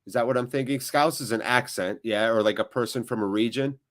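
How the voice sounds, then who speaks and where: A man's voice: medium pitch, fairly quick. Chatty man hosting a live match watchalong. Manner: chatty, reacts loudly to big moments. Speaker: watchalong host. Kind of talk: live match commentary and chat reading.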